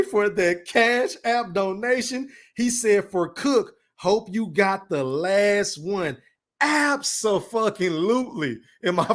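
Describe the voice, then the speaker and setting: A man hosting a live podcast stream, reading viewer chat aloud and shouting out supporters in a boastful, profane manner. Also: fairly high pitch. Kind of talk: casual livestream chat.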